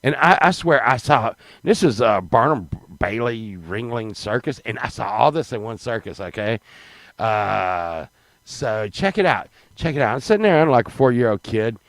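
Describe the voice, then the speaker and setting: A man telling a rambling, profane comic story, swinging between loud excited bursts and low mutters. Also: moderate pace, dry recording, poor audio. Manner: profane, rambling, animated, with sudden drops to mutters.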